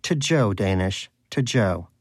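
A man's voice: fairly low pitch, animated, takes it slowly, slightly rough, dry recording, studio quality, exaggerated voice. A man voicing a pious, hungry male pet hamster who preaches with earnest indignation. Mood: insistent.

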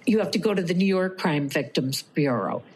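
A woman's voice: on the low side, normal speed, slight background noise, low-quality recording. A middle-aged woman telling a personal story to an interviewer, acting out what others said. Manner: animated, acts out quoted voices.

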